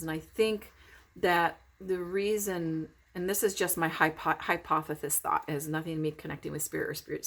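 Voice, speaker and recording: Heartfelt rambling woman, lowish voice. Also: a bit bright. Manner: rambling, heartfelt, many fillers and restarts. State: recovering from illness, foggy-headed. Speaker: vlogger. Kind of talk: casual spiritual vlog talk.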